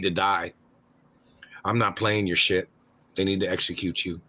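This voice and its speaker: A man calling into a livestream, ranting angrily with constant cursing and shouted accusations. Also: deep voice, steady tone, normal speed. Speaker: caller on a livestream. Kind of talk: angry profane rant.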